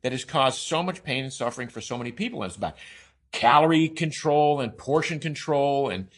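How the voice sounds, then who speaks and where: A man in a relaxed podcast conversation, speaking at an ordinary middle pitch. He explains with enthusiasm, piling up long lists and circling back with restarts and fillers. His delivery stays emphatic and persuasive. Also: fairly quick. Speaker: podcast guest, co-author of a diet book.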